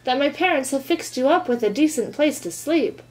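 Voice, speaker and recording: A woman's voice: sits high, expressive, a little fast, darkish tone, pitched above the performer's own voice. A woman voicing a small, earnest boy mouse in a read-aloud storybook, eager and anxious.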